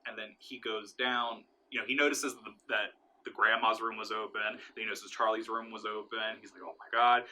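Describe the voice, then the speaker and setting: A young man casually recapping a horror movie plot, swearing often and acting out scenes with sudden shouts. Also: medium pitch, a little hiss or hum, rough recording. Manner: excited, profane, acts out scenes with sudden shouts. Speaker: movie reviewer.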